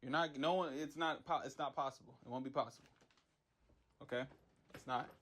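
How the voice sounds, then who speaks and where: Brisk and steady, with a medium pitch and fairly bright tone, a young MUGEN character creator vents in a casual ranting vlog over a little hiss or hum. He rambles in frustration, repeating words and using plenty of slang.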